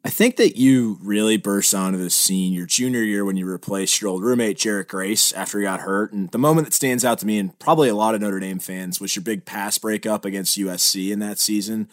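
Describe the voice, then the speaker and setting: Low-voiced interviewer with a dry sound. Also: male voice, dry recording. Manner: measured, sets the scene in detail. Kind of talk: prepared interview question.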